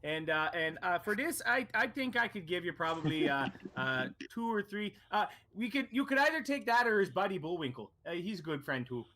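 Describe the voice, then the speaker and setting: A man's voice: high-pitched, big pitch swings, fairly quick, few pauses, sharp tone, voice pushed up, exaggerated voice. A man voicing a chatty, friendly male shopkeeper who rambles and keeps tagging his lines with "eh". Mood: folksy. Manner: folksy, rambling, tags lines with "eh".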